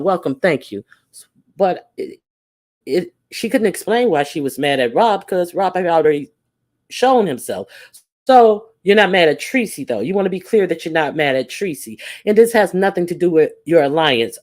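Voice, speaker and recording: Sassy woman commenting on a live stream. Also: sits low. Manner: sassy, incredulous, many "uh" fillers. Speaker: live-stream host reading viewer chat.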